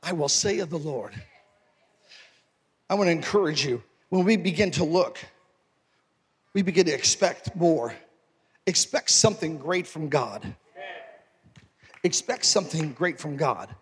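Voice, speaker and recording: A male pastor preaching a sermon, moving from conversational talk to forceful exhortation. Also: fairly high pitch, expressive, unhurried, pauses often, long reverb tail.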